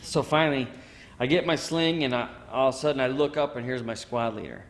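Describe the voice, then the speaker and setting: Man, forties, from Michigan, veteran interviewee, animated storytelling, mid pitch, long room reverb. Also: fairly quick. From Michigan, USA. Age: 40s. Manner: animated storyteller who acts out quotes and says "you know" often. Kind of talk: oral history interview.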